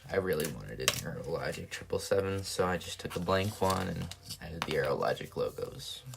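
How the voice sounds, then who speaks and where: A man casually thinking aloud while building paper planes on a live stream, soft-spoken and rambling. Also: deep voice, lively intonation, moderate pace, vocal fry, background noise.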